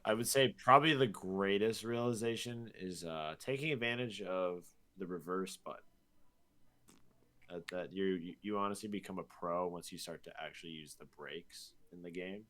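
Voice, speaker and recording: A young man with a fairly low voice co-hosting a casual gaming chat. He tells animated stories and often restarts his sentences, trailing off into quieter asides. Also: moderate pace. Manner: animated storyteller, frequent restarts. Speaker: podcast co-host.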